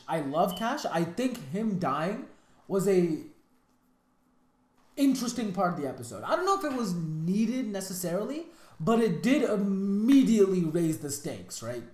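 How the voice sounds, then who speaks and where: A woman's voice: mid-range voice, big pitch swings, a little slow, darkish tone. A woman hosting a reaction video, talking in casual, exasperated commentary with lots of restarts and slang. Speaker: reaction channel host. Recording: roomy echo.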